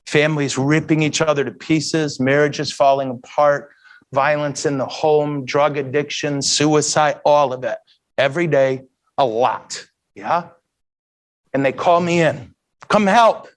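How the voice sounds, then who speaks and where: Earnest man, slightly higher voice. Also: fairly even intonation, a little slow. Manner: earnest and emotional, with self-mocking humor. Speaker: priest and guest speaker. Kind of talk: heartfelt talk to a live audience. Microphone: handheld mic.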